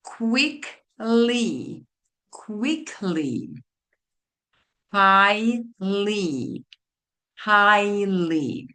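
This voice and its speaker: A woman tutor teaching a phonics lesson to children, spelling out letters and repeating each word slowly. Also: medium pitch, big pitch swings, pushed and bright. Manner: slow, deliberate, spelling out letters and repeating words. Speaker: literacy tutor.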